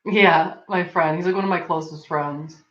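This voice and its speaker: Young woman rambling on her stream, lower voice, kinda dull echoey audio. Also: steady tone, moderate pace. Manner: rambling, many "like" fillers, laughs often. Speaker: livestream host. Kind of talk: casual chat. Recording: dull lo-fi sound in an echoey room.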